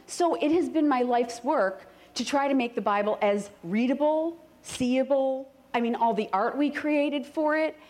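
A middle-aged woman preaching to a congregation in a lively, conversational way. Her voice swoops up and down as she talks, and it climbs high and strong when she leads the room in prayer. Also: normal speed, few pauses. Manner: conversational, animated, rising to fervent prayer. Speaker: speaker at a church gathering. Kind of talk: sermon to a live congregation.

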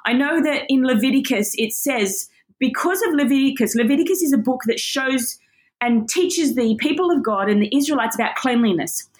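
An earnest woman teaches from scripture in a fairly high voice. She is emotional and close to tears, and her words carry deep feeling. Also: lively intonation, moderate pace. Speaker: Bible teacher. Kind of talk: teaching on a Bible passage.

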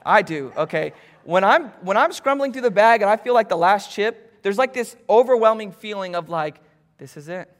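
A man preaching a sermon from a church stage, lively and joking with the congregation between scripture readings. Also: high voice, normal speed, long reverb tail. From Florida, US. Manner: animated, jokey asides to congregation. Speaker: pastor. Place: church stage, large hall.

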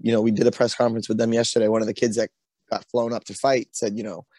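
A man's voice: on the low side, little pitch movement, fast talker, warm tone, no room sound. A man with a Boston accent, a pro fighter as the guest, talking casually and rambling with many restarts. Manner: rambling, full of "you know" and restarts. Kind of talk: casual interview talk.

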